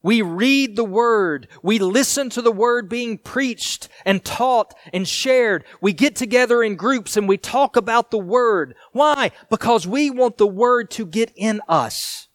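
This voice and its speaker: A man pastor preaching a sermon, reading scripture and explaining it in an earnest way, sometimes raised and sometimes hushed. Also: very high voice, a little slow, few pauses, no echo.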